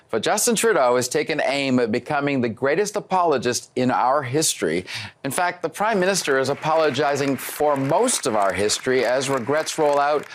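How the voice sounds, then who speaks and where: A commentator reading a scripted, sardonic opinion piece. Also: mid-range voice. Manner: wry, sardonic read.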